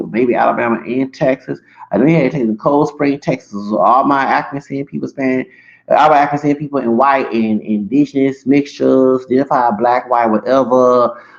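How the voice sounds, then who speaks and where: A man's voice: mid-range voice, creaky. A man in his forties talking in a long, rambling livestream monologue, often restarting and correcting himself. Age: 40s. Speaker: streamer. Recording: echoey room, dull lo-fi sound.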